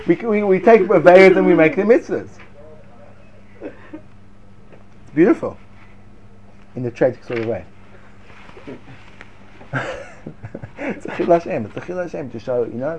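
A man giving a lively Torah class to students, sarcastic and quick to laugh at his own points. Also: high voice, slight background noise. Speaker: Torah teacher.

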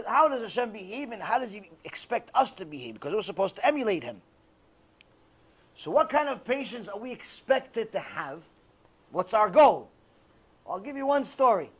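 A man giving a religious ethics lecture, telling stories and acting out the scenes with lively energy. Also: sits high. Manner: animated, acts out scenes. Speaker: Torah teacher.

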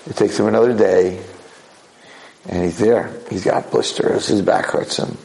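Gravelly, animated male preacher. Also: low-pitched, normal speed, rough recording. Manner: animated, acts out voices. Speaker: Torah lecturer. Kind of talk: sermon storytelling.

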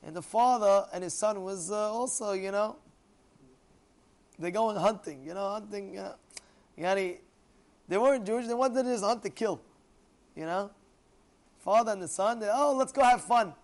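A man, a rabbi, preaching a sermon through a parable, telling it in an animated way and often adding "you know". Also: sits high, moderate pace, pauses often. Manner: animated storyteller, acting out every character.

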